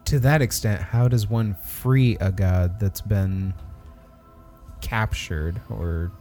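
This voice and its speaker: Slow, low-voiced man arguing in character. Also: mellow, soft background music. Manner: emphatic, argumentative. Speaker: player. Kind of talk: in-character tabletop game play.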